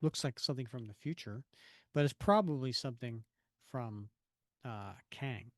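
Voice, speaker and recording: A man's voice: medium pitch, normal speed, no echo, studio quality. A man in his fifties co-hosting a podcast, chatting casually and reading comic panels aloud, rambling and correcting himself. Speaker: podcast co-host.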